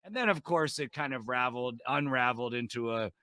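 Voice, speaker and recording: Brash bright-voiced male comic. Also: medium pitch, a little fast, no echo. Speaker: comedian guest. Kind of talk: animated comic storytelling. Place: home, video call.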